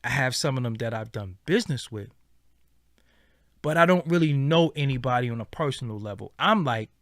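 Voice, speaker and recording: A man's voice: medium pitch, a little fast, no room sound, clean studio sound. A man hosting his own show, talking blunt and profane in a casual commentary monologue. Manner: blunt, profane, animated storytelling. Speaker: show host.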